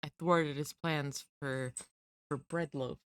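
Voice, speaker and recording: A woman's voice: low voice, fairly even intonation, slow, clean tone, dry recording. Giggly rambling woman streamer. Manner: giggly, rambling, self-deprecating. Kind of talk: casual stream chat.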